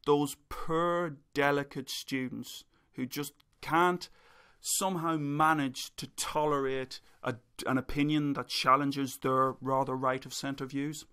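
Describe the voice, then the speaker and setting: A man talks through his argument in a bright, sharp voice. He rants, with dry sarcastic asides. He sounds like an academic addressing viewers. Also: mid-range voice, level tone, slow pace, clean tone. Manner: sarcastic, ranting. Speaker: academic video presenter. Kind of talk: spoken video essay.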